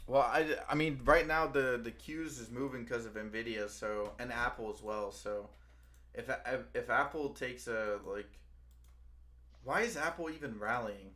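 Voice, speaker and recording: A man's voice: mid-range voice, measured pace, sharp tone. A young man hosting a casual stream chat, rambling and calling people bro. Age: young adult. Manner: rambling, says bro, frequent restarts. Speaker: stream host.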